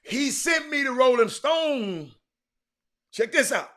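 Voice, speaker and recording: A man hosting a live sports talk show, chatting with viewers by name, animated and repeating words as he goes. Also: extremely high pitch, slow. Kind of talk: live-stream chat with viewers.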